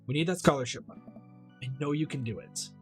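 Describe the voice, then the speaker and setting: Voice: mid-range voice, quick pace, soft background music. A streamer playing a dating game, reading the dad's lines aloud with playful joking asides. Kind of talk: let's play with read-aloud dialogue and jokes.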